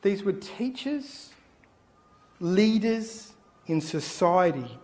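A middle-aged man, a pastor preaching a sermon and telling an anecdote with animated storytelling. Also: high voice, very slow. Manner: animated storytelling, acting out the people in his anecdote. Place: church.

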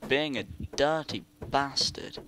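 Excitable young gamer, slow talker. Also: male voice, medium pitch, noisy background. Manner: excitable, yelps and laughs at the game. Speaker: gaming YouTuber. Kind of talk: casual gameplay commentary.

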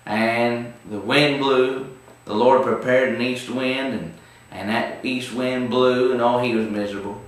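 A man's voice: medium pitch, steady tone, unhurried. Folksy male Bible teacher, echoey. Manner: folksy, emphatic, talks to "folks". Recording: very echoey room, distant mic.

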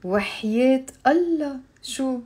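Woman, Lebanese Arabic accent, somewhat high voice, chatty live-stream language teacher. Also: expressive, normal speed, mellow. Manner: playful, chatty, greets viewers and repeats phrases.

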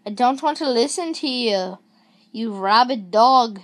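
Woman, let's play host of a horror game; slightly high voice, unhurried delivery, jumpy and quick to exclaim when startled. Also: animated, a bit bright. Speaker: gaming video host.

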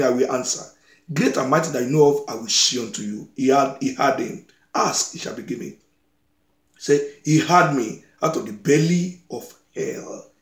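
A man's voice: medium pitch, roomy sound. A man preaching a sermon, reading scripture aloud and exhorting his listeners with repeated phrases.

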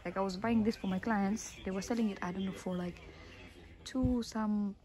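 With a medium pitch, fairly even intonation, and moderate pace, a woman casually vlogs her way through an outdoor street market, showing off shops. She talks to her handheld camera with plenty of "like" fillers. The phone recording is noisy with street sounds and traffic.

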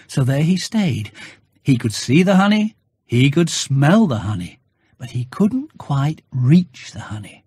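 Gentle read-aloud storybook narrator, bouncy sing-song, kinda breathy, dry close mic. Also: mid-range voice, very animated, measured pace, no echo. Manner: gentle storytelling with hushed asides. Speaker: audiobook reader.

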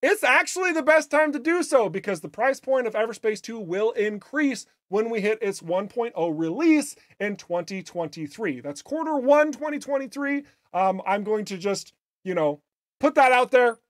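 A game studio host chatting casually on a livestream, playful and upbeat with jokey asides. The voice is a little raspy today. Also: medium pitch, animated, normal speed, no echo. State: slightly raspy voice.

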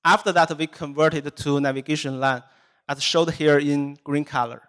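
A man speaking in a smooth, clear, somewhat high voice. He is a software engineer giving a technical presentation at a meetup, and he walks through each point in a steady, methodical way. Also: moderate pace.

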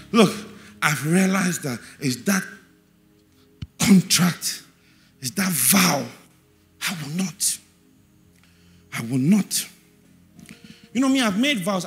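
A man with a Ghanaian English accent preaching a sermon in a church, repeating verse references and swinging from quiet asides to shouted, sing-song emphasis. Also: fairly high pitch.

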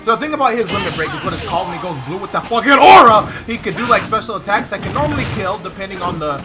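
A young man with a very high voice talks over a video game, bouncing his pitch all over. He trash-talks loudly and keeps breaking into shouts and laughter while game music plays clearly behind him. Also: animated, racing. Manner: loud, trash-talking, frequent shouting and laughing. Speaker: gaming commentator. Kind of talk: excitable gameplay commentary.

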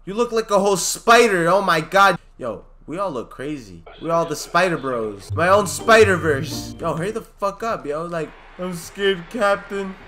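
High bright dude yelling over a shooter game, music in the back. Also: male voice, lively intonation, normal speed, few pauses. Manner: jokey, yelling, swearing, mock-scared. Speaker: gaming YouTuber playing a shooter campaign. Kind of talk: loud excitable gameplay commentary.

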